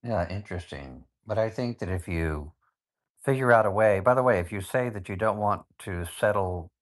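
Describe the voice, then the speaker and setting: A man chatting casually in an online audio room, giving relaxed advice. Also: lowish voice, moderate pace. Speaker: participant in audio chat. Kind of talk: casual chat.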